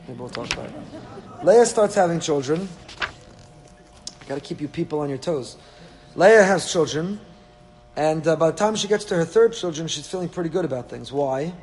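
Rabbi, male, slightly high voice, lively lecture with dry asides, echoey hall, faint hum. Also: normal speed, long pauses. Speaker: rabbi teaching a Torah class. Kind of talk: Torah class lecture.

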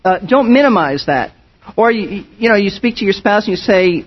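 Pastor, male, high and husky voice, earnest emphatic sermon delivery, dull lo-fi recording. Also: lively intonation, normal speed. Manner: earnest and emphatic, with frequent restarts. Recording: dull lo-fi sound.

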